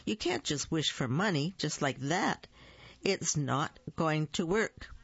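A reader plays an exasperated storybook father who sounds stern and matter-of-fact. He speaks slowly, and the recording is dull and a little muffled. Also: medium pitch, lively intonation, gravelly, a bit bright, husky, no room sound, exaggerated voice. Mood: lecturing. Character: exasperated father, adult man. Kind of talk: reading a picture book aloud.

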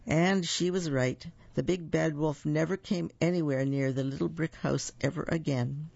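A man's voice: a little high, fairly even intonation, moderate pace, creaky, a little mellow, no room sound, highs cut off. A man reading a picture book aloud, adding playful asides as he tells the story.

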